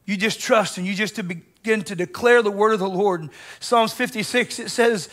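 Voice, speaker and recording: A man preaching a sermon as a guest pastor, asking the congregation rhetorical questions and dropping suddenly to a hush before surging back. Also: high voice, normal speed. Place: church sanctuary.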